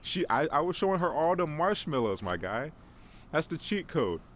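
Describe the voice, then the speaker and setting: The host of this casual solo podcast is a young man with a voice on the high side, very animated and moderately paced. He jokes, mocks himself, rambles and keeps restarting, with faint background noise behind him.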